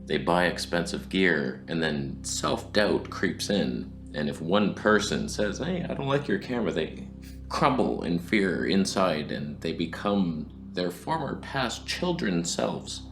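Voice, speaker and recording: A man's voice: low voice, expressive, takes it slowly, over music. A man giving a sarcastic, comedic camera review, swinging between whispers and outbursts.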